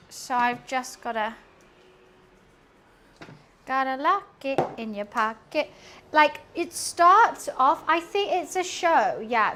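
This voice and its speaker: A woman's voice: high voice, bright, forceful tone, slight background noise. A young woman chatting casually while cleaning and cooking in her home kitchen, rambling and humming to herself. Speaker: streamer.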